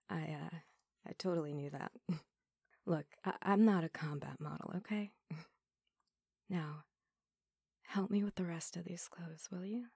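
Woman playing a flirty female android, whispered role-play, breathy, low voice, slow and unhurried. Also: dark tone, no echo, studio quality, exaggerated voice. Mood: seductive. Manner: teasing, playful, slow and intimate. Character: flirtatious teasing female android, new to feelings.

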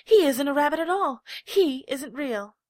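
A woman voicing a cheeky wild male rabbit who mocks and teases, loud and taunting, read as a storybook. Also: medium pitch, lively intonation, normal speed, no room sound, studio quality, lightly acted. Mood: mocking. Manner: loud and teasing. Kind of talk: storybook reading.

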